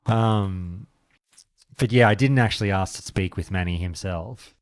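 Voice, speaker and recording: A man's voice: low voice, unhurried, no room sound, studio quality. A man, chatting casually on a game stream and acting out stories. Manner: chatty, swearing, acts out anecdotes. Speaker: streamer and podcast host. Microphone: desk microphone.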